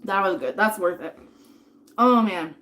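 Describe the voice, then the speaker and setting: A woman in her thirties eats dinner while chatting casually on a live stream, rambling, reading viewer tips aloud and thanking people, sometimes with her mouth full. Her voice sits in the mid range, fairly bright, and she keeps a measured pace.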